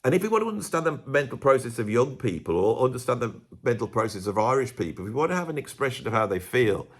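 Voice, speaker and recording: A man's voice: medium pitch, sing-song, fast, slightly rough. A man talking to camera in a casual, rambling monologue, often breaking off mid-sentence and asking rhetorical questions. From England. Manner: rambling, self-interrupting, full of rhetorical questions. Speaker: YouTube commentator.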